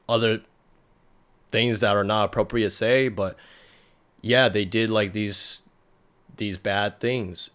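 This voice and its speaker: Man with a lowish voice, rambling casually. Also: fairly bright tone. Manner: rambling, heavy on filler words and restarts. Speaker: podcast guest. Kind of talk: casual storytelling.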